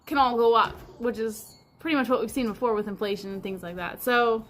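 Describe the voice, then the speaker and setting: A woman's voice: a little high, fairly quick, a bit bright, slight background noise. A woman hosting a livestream in casual chat, rambling along with lots of fillers like "like". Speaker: livestream host.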